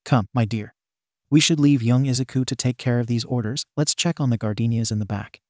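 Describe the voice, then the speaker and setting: A man voicing a tall, gaunt, gentle father in a storybook reading, fond and gently formal. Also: mid-range voice, a little fast, no room sound, studio quality, lightly acted.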